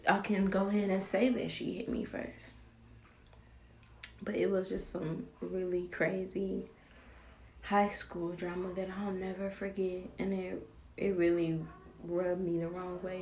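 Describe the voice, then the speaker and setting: Chatty young woman with a gravelly voice. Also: medium pitch. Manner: animated, acts out quoted voices, slangy and candid. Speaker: vlogger. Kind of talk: casual storytelling while doing her hair. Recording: roomy echo with faint background noise.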